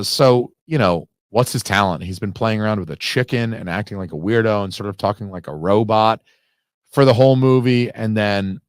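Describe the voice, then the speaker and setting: Male film commentator, low pitch, close and dry, casual, cussing, digressive. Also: dry recording. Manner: casual, profane, digressive with frequent fillers.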